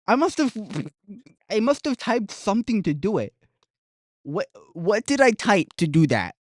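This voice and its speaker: A young adult streamer chatting casually and excitedly with viewers while reacting to esports races. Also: mid-range voice, unhurried, no echo. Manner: excitable, chatty, jokey, addresses viewers as guys. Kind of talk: casual live-stream commentary.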